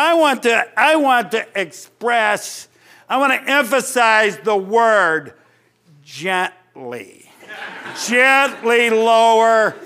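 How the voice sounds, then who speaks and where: A folksy preacher delivers his sermon in a very high, bright, forceful voice. He jokes with the congregation and often restarts his sentences mid-thought. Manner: folksy, joking, halting restarts. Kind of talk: sermon with live illustration.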